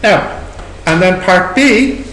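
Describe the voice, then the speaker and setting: Irish male tutor, high voice, echoey classroom. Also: animated, takes it slowly, a bit bright. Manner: questioning, prompting students step by step. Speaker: maths tutor. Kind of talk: working through exam questions with students. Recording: echoey room recording with background noise.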